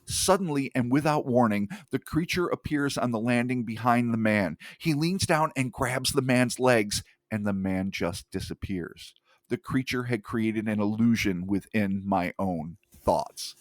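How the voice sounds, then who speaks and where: Man reading an account, hushed and measured. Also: medium pitch, dry recording. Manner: hushed, measured reading, casual swearing in asides. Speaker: podcast host. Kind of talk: reading an account aloud on a podcast.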